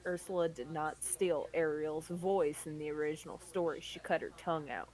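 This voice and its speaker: A woman's voice: low-pitched, steady tone, moderate pace, a little mellow. A woman in a casual podcast chat, cracking sarcastic, bossy jokes.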